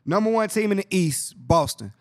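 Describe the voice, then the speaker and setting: Casual podcast host, male, a little higher-pitched, excitable, slangy and repetitive. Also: normal speed. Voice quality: excitable, slangy, repeats himself. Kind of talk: casual basketball chat.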